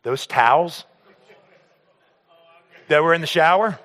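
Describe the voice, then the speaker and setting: A man with a fairly high voice tells a personal story to a crowd, acting out the scenes as he goes. He stammers and repeats words as he talks. His voice rings out with the long reverb of a big hall. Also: takes it slowly, fairly bright tone. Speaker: speaker telling a personal story to an audience. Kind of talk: storytelling talk on stage.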